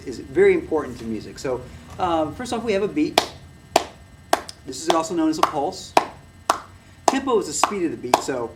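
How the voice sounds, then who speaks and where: A male music teacher talks through a lesson casually, stumbling over restarts and fillers. He stands well away from the microphone. Heavy background noise runs under his voice. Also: a little high. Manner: rambling, full of fillers and restarts, claps and plays piano to demonstrate. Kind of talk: casual recorded lecture. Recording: noisy room, mic far from the speaker.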